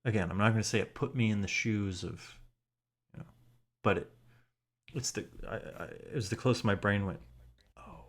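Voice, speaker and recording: A man's voice: lowish voice, moderate pace, long pauses. A man co-hosting a podcast from home, talking in a rambling, earnest, profane way with lots of fillers. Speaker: podcast co-host. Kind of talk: casual podcast talk.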